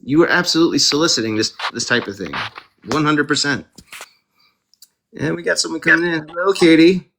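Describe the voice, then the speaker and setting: Male live-streamer with a bright voice, ranting indignantly about a case into his phone. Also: fairly high pitch, a little fast, gravelly, pauses often, a little hiss or hum. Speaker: true crime live streamer. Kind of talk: casual live-stream commentary.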